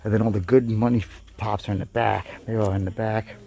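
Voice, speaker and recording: A man who collects toys, giving casual running commentary with quick, blunt verdicts and casual swearing while shopping in a toy store. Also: lowish voice, steady tone, gravelly, warm tone. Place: busy toy store, indoors. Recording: crowded store noise behind.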